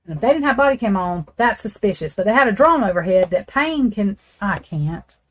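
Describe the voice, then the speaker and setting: A woman's voice: medium pitch, animated, fairly quick. A woman hosting a casual true crime talk, rambling and blunt, swearing freely as she speaks straight to her viewers. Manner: rambling, blunt and profane, talks straight to chat. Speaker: true crime channel host.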